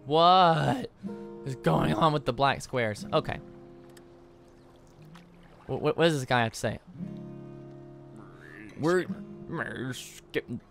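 A man's voice: medium pitch, slow pace, gravelly, long pauses, a bit bright, faint music behind. A young man hosting a let's play, rambling eagerly with many stammered restarts. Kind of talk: casual gameplay commentary.

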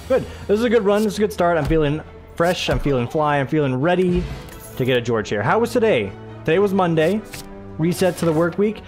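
This young American man hosts a gaming channel and chats casually through a let's-play, rambling about his day and laughing often. His voice is a little high, expressive, brisk, and somewhat mellow, with faint music in the background.

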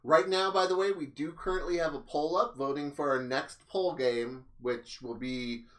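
A man's voice: on the high side, fairly even intonation, moderate pace, fairly bright tone. A man co-hosting a game night stream, playful and joking, chatting casually and promoting the show.

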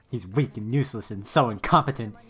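Excitable man cheering at anime. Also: mid-range voice, normal speed, slightly rough. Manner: excitable, laughing, cheering loudly. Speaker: anime reaction youtuber. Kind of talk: excited reaction commentary.

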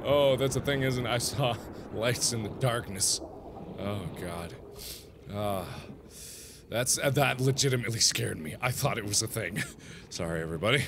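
A man's voice: on the low side, lively intonation, normal speed, background noise. A man commentating his own gameplay, nervous and easily startled, with panicky exclamations and nervous laughs. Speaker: let's play host. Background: game music.

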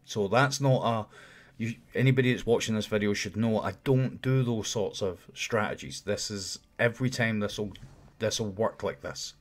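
A man's voice: fairly low pitch, moderate pace. A man talking viewers through a game run in a casual, explanatory commentary voice-over. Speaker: video game guide creator.

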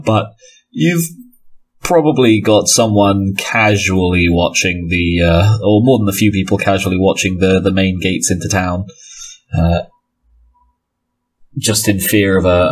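A man runs a tabletop game, narrating the scene and trading dry banter with his players. His voice sits low with a husky grain. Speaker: game master.

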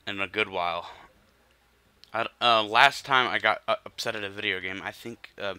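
A man's voice: on the low side, moderate pace, sharp tone, smooth, no echo. A young man commentating his gameplay, frustrated and swearing, often muttering under his breath. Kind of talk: let's play commentary.

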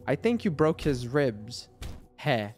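A man's voice: medium pitch, big pitch swings, slow pace, darkish tone, soft background music. A man giving casual, profane gameplay commentary, rambling with filler words and mocking the characters in exasperation. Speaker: gamer playing through his backlog.

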